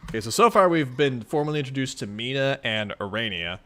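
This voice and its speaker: A man's voice: mid-range voice, expressive, fairly quick, fairly bright tone. A man reading a webcomic aloud in a casual read-along, chatting and reacting to it and laughing often. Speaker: webcomic reader.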